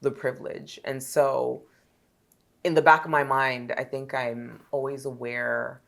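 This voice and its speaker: A woman's voice: rumbling low, little pitch movement, measured pace, gravelly, a bit bright. A woman from Jamaica with a standard North American accent, a podcast guest speaking in an articulate, reflective and candid way. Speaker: guest, travel journalist. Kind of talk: casual conversational interview.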